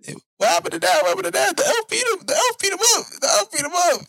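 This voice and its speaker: A man putting on the voices of panicked little kids, yelling frantically in a high pitch. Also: huge pitch swings, rapid-fire, creaky, dry recording, clean studio sound, exaggerated voice. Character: panicked little kids shrieking about dad.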